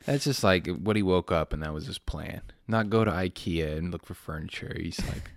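A man with a very low, gravelly voice trades sardonic jokes in casual podcast chat. The sound is dry and close, with no room around it. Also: expressive, normal speed, dry recording. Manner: sardonic, joking asides. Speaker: podcast co-host.

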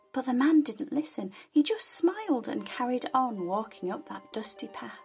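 A woman telling a folk tale in a soft, soothing, relaxing way. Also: a little high, big pitch swings, moderate pace, vocal fry, few pauses, slightly rough, soft background music. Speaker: storyteller. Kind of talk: relaxing storytelling.

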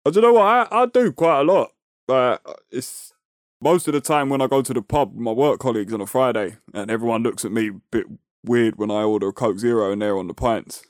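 A man's voice: mid-range voice, fairly quick, no echo, studio quality. A man co-hosting a podcast, chatting casually and poking fun at himself, using slang like "bruv" and "innit". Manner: chatty and self-deprecating, says "bruv" and "innit". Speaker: podcast co-host. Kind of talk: casual chat. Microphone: personal microphone.

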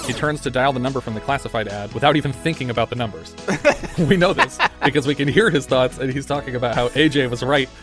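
A man's voice: mid-range voice, quick pace, a bit bright, soft background music. A man chatting casually and jokingly about a film in a podcast promo, laughing and putting on mock voices. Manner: jokey, laughing, mock-voice asides. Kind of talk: casual chat.

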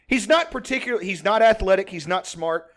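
Man from Texas, podcast host, high voice, casual storytelling, rambling, profane, laughs a lot. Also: expressive, brisk, fairly bright tone. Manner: rambling, profane, laughs often, many restarts.

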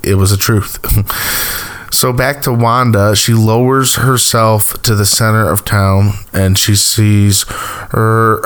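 A man's voice: fairly low pitch, clean tone. A man casually recapping a TV episode, rambling with lots of fillers and small chuckles. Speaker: TV recap host.

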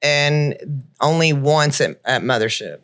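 Hesitant podcast guest with a lively pitch. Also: takes it slowly. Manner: hesitant, with many fillers. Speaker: guest comedian. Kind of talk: casual podcast chat.

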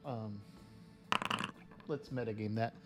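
A man narrating as game master, halting and full of fillers. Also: lowish voice, fairly even intonation, dark tone, soft background music. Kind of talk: narrating and voicing a tabletop game.

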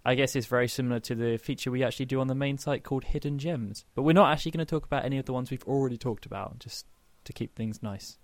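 A man hosts a relaxed gaming podcast, rambling through announcements with frequent restarts. His voice sits at an ordinary middle pitch. The sound is dry and close, with no room around it. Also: quick pace, hardly any pauses, no room sound. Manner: rambling, chatty, laughs often. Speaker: podcast host. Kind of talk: casual podcast chat.

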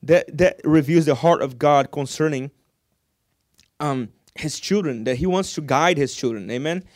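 A man's voice: a little high, moderate pace, no room sound, studio quality. A man preaching a sermon, calling out to his congregation for amens.

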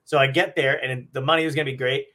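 Bright-voiced man telling a story. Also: medium pitch, steady tone, fast. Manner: swearing, storytelling, acts out quotes. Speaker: podcast host. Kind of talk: casual chat. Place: home.

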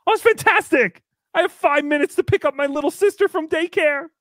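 A man hosting a comedy livestream, reading out viewer messages in a goofy, mocking way and jumping into loud cheers. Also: very high-pitched, a little fast, dry recording, studio quality. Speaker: livestream host. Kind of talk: casual comedy livestream chat.

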